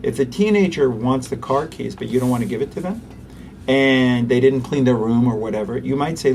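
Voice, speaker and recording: A man, a pediatrician and interview guest, who talks animatedly and acts out quick voices for parents and toddlers. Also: medium pitch, a little mellow, recorded from a distance, slight background noise. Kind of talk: conversational interview.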